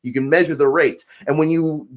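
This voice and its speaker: A man's voice: fairly high pitch, steady tone, brisk, dull audio. A man in casual conversation, confidently and emphatically explaining an argument, with frequent swearing. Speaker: podcast guest.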